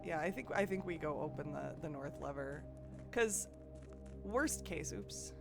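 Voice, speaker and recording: Over music, a woman with a low, animated voice, slightly slow and marked by vocal fry, provides live commentary on a puzzle game she's streaming. She thinks aloud, talks with her viewers, and restarts often.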